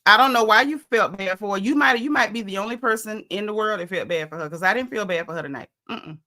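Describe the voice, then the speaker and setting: A woman's voice: medium pitch, fast talker, bright, forceful tone. A woman hosting a live stream, chatting casually and bluntly about a reality show and greeting viewers in the chat. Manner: chatty and opinionated, heavy on "you know" and "like".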